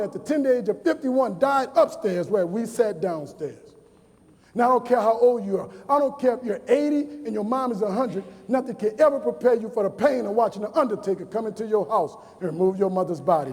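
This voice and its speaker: A high-pitched man in his forties from New Orleans gives a motivational speech to college students. He tells personal stories and repeats key lines for emphasis. His voice rings out with a long echo through a large hall. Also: vocal fry, darkish tone. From New Orleans, USA. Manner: storytelling with emphatic repetition. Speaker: motivational speaker.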